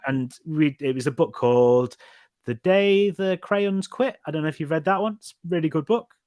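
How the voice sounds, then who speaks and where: A man's voice: on the high side, moderate pace, darkish tone, no room sound. Dry-voiced man hosting. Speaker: podcast host. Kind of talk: casual chat.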